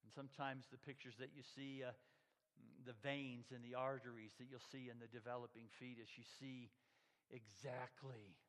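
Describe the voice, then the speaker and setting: A man preaching a sermon, emphatic and measured, sometimes dropping his voice very low. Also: flat delivery, fairly bright tone, big-room sound. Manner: slow, emphatic preaching that drops to a near whisper. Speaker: pastor.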